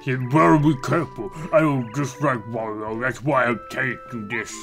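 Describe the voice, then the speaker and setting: A man's voice: medium pitch, steady tone, moderate pace, gravelly, a bit bright, faint music behind. A man voicing a grateful male gourmet chef character in a warbling voice, reading game dialogue aloud.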